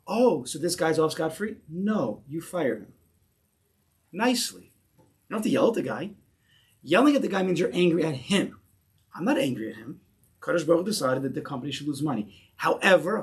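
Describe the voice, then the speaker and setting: A man teaching a Torah class in English mixed with Hebrew terms, emphatic and repeating key phrases as he builds to a point. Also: fairly high pitch.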